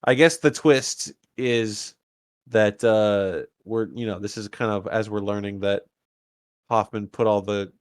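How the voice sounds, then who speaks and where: A man's voice: on the low side, steady tone, unhurried, no echo. A man co-hosting a casual podcast, recapping a horror film with wry, opinionated comments. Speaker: podcast co-host. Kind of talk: casual movie-review chat.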